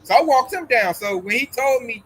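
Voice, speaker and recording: A man's voice: extremely high pitch, animated, normal speed, a bit bright, rough recording. A man talking casually about religion as a host, emphatic and full of slang, acting out the voices of people he quotes.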